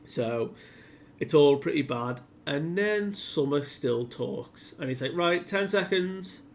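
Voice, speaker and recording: A man recapping a manga chapter in a casual, animated way, with many filler "like"s. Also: medium pitch, takes it slowly, creaky. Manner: animated retelling full of filler "like".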